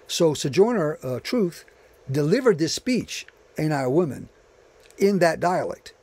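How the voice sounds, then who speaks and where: A man's voice: on the high side, big pitch swings, unhurried, a little mellow, breathy edge. A man giving a history lecture, reading passages aloud and breaking off for conversational asides. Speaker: channel host.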